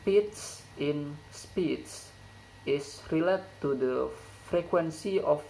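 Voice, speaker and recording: Young male student, first language Indonesian, unhurried lesson read, gravelly edge, faint hiss behind. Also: on the high side, dark tone, poor audio. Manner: slow, careful reading with stumbles over phrasing. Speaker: student presenter. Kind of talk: read classroom presentation.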